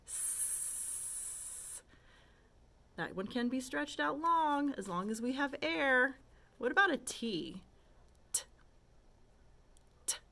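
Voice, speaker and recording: Speaking in a high, gravelly voice with a sharp tone and lively intonation, a woman leads a slow, patient phonics lesson for kindergarteners. Her pace is measured as she stretches out letter sounds, models them, and poses simple questions.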